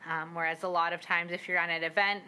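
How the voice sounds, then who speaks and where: A young Squamish Nation woman from British Columbia, Canada, chats casually as a guest, a parent learning her language, talking fast with lots of fillers, laughter, and acted-out quotes. Her slightly low voice is bright and forceful, though her delivery stays flat. She's outdoors in a garden with a faint ambient hum, and the audio quality is poor.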